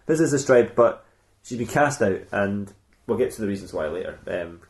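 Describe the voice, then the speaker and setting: A man's voice: fairly low pitch, expressive, brisk, gravelly. Rambling man telling a comic story. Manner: rambling, self-mocking, laughing. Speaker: podcast host. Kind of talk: improvised comedic storytelling. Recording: roomy echo.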